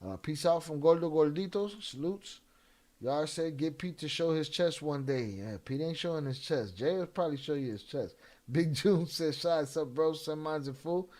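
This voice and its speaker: A man hosting a casual livestream, reading chat shout-outs in slangy, profane talk and flaring into heated rants. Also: on the high side, moderate pace. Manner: flares up into heated, cursing rants. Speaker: livestream host.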